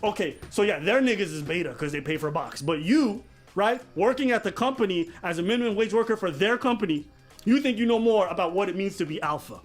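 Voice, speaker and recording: A young man co-hosting a podcast, mocking and animated, swearing freely as he rants. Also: high-pitched, fairly quick, soft background music. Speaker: podcast co-host. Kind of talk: heated podcast commentary.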